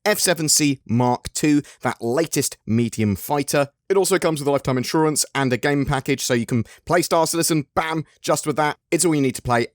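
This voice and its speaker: A man's voice: mid-range voice, no echo, clean studio sound. An English man hosting a gaming channel, chatting casually and self-deprecatingly to his viewers with frequent restarts. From England. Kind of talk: casual video chat to viewers.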